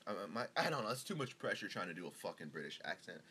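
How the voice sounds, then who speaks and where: Man, podcast host, low voice, swings up and down a lot, rambling, swears freely. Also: very animated, fast, sharp tone, husky. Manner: rambling, profane and joking. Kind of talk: casual solo chat.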